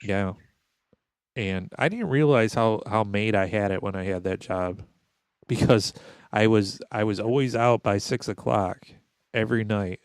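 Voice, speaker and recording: A man's voice: lowish voice, a little slow, clear, resonant tone, dry recording. Wry thirtysomething guy spinning a goofy story, dry mic, sarcastic. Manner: wry, sarcastic storyteller, mimics people he meets. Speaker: podcast co-host. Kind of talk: casual storytelling chat.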